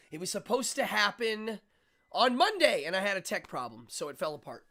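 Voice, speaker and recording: A man's voice: high-pitched, big pitch swings, brisk, pushed and bright. A man hosting a live-stream show, talking casually and rambling with frequent fillers and restarts.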